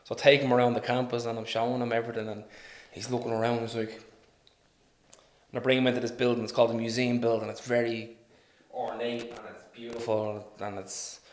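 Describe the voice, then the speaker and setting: A man with a Dublin accent, a podcast guest telling stories in a casual, animated way, laughing and swearing often. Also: medium pitch, a little fast. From Ireland. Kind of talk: casual storytelling. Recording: roomy echo.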